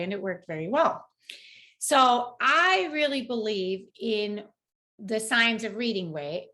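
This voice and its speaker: A woman's voice: medium pitch, fairly bright tone. A woman who speaks English as a second language, a mother and teacher giving parents casual, earnest reading tips in a vlog. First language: not English. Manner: earnest, encouraging, talks straight to parents; acts out quoted parents and teachers in a lifted voice.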